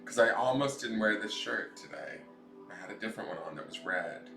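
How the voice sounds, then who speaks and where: A man's voice: lowish voice, animated, fairly quick, echoey room, music in the background. A man with a nasal voice, hosting a tarot live stream from home and chatting goofily with viewers. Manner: goofy, chatty, reads out viewer comments.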